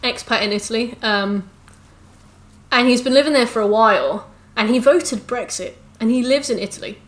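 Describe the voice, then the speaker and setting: A young woman, chatting casually and ranting with swear words to her live-stream chat while gaming. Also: fairly high pitch. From England. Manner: chatty, ranty, swearing, quick asides to chat. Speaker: game streamer.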